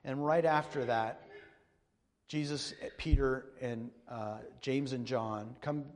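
Male pastor, earnest and measured, mid-range voice, preaching in a reverberant church hall. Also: medium pitch. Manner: earnest, measured, repeats and restarts phrases. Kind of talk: sermon with scripture reading.

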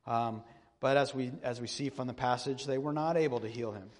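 Man, pastor, earnest sermon, measured delivery, restarts phrases, mid-pitched, long hall reverb. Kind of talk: sermon with scripture reading.

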